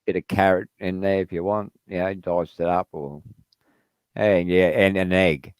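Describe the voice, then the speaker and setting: A man's voice: deep voice, little pitch movement, normal speed, clear, resonant tone, no echo. An Australian man rambling casually on a livestream, chatty and swearing now and then. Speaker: livestream co-host. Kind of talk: casual chat.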